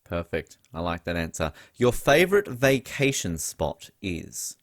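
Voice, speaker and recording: Chatty low-voiced male host. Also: sing-song, measured pace. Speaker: podcast host. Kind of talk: casual podcast interview.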